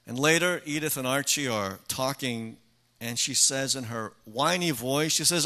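An older male preacher giving a sermon in a measured way, with emphatic rhetorical questions. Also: medium pitch, pushed and bright.

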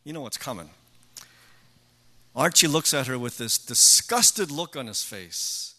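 An older man preaches a sermon at an unhurried, deliberate pace. His voice is bright and forceful. He leans on rhetorical questions to press each point home. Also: mid-range voice, animated. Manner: measured, with emphatic rhetorical questions.

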